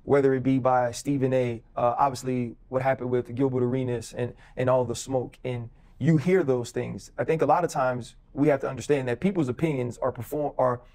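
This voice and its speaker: A man hosting a podcast interview, asking questions in a deliberate way and reasoning aloud. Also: mid-range voice, steady tone, darkish tone. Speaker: podcast host.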